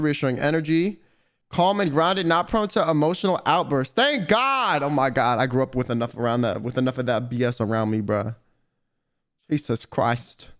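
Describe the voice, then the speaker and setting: A young man chatting on a livestream, reading aloud and riffing in slangy, teasing talk. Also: a little high. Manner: reads aloud then riffs, slangy and teasing. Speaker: streamer. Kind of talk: casual livestream chat.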